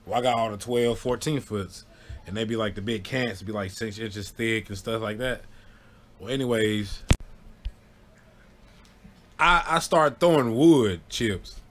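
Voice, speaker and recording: Animated male storyteller, casual delivery with loud high yelps on quoted lines. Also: measured pace, pauses often, slight background noise.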